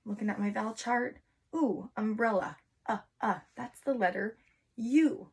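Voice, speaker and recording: Woman teaching phonics, sounding out slowly. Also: mid-range voice, fairly even intonation, darkish tone. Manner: slow, exaggerated sounding-out of letters; encouraging, sing-song teacher voice. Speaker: kindergarten teacher. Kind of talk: online phonics lesson for young children.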